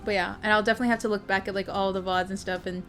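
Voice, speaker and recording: A woman's voice: mid-range voice, steady tone, racing, a bit bright. A young woman hosting a livestream, chatting casually and bubbly with her viewers, greeting them by name and swearing now and then. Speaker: livestream host. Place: home streaming setup. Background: faint music playing.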